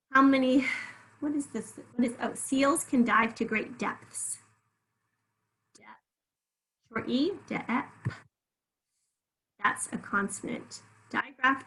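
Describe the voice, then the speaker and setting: Bright-voiced woman teaching spelling. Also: on the high side, rough recording. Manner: patient, encouraging, sounds out syllables slowly. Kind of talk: spelling lesson.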